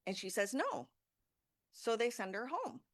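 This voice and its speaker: A woman's voice: fairly high pitch, lively intonation, normal speed, no echo, studio quality. A woman in her thirties giving an informal presentation to a group, talking casually and conversationally with frequent fillers. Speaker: safety talk presenter.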